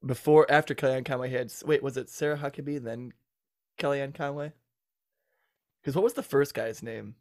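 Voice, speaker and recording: A man's voice: mid-range voice, moderate pace, pauses often, darkish tone. Easygoing male podcast guest. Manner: easygoing, laughs often. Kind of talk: casual chat.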